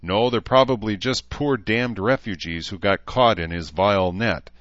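A man's voice: on the low side, normal speed, a bit bright, no room sound, muffled recording, lightly acted. A man reading the part of a stern baron commander who speaks in tight, clipped, growling tones. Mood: grim.

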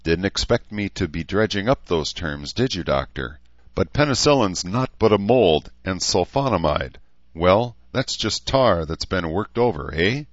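A man's voice: deep voice, animated, a little slow, no room sound, lo-fi sound, voice pushed up. A man voicing Sharon, a shrewd middle-aged herbalist woman who speaks in a wry, folksy way.

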